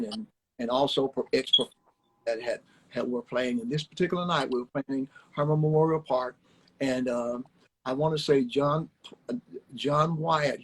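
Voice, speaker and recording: An older Alabama man, once a ballplayer, tells folksy, rambling stories as a guest in an interview, repeating his words along the way. His voice is medium-pitched and slightly rough. He's at home on a livestream, picked up by a phone, and the recording is rough.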